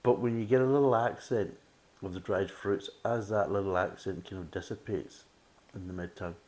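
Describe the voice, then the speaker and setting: Deep-voiced man reviewing beer. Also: fairly even intonation, normal speed, a little mellow. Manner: methodical, leans on filler words like "kind of". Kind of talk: casual tasting review.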